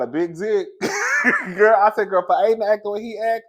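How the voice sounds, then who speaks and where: A man's voice: high-pitched, sing-song, moderate pace, long pauses. A young man recapping a TV episode in a sassy, gossipy way, laughing often and calling his listeners girl and baby. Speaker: TV show reviewer. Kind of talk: animated casual recap.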